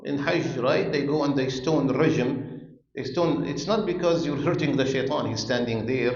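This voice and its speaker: A man's voice: mid-range voice, normal speed, a little mellow. A man, a sheikh, giving a casual Quran lesson in a mosque, conversational and joking, rephrasing as he goes. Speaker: sheikh teaching a Quran class. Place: mosque prayer hall. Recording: echoey, muffled mosque recording.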